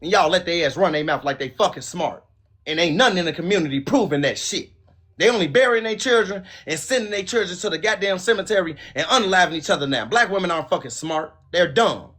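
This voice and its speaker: A fast-talking man, hosting a podcast. His voice sits high and he swears constantly, scornful and combative. He pushes his opinions hard. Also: lively intonation, a bit bright. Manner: profane, aggressive, scornful. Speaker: podcast host. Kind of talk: heated opinion rant.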